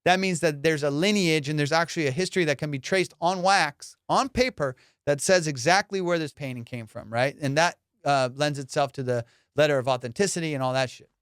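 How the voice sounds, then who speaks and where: A man hosting a comedy podcast, ranting in a casual, profane, animated way and slipping into mock voices. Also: a little high, a little fast, hardly any pauses, clean tone, no room sound, clean studio sound. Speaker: podcast host.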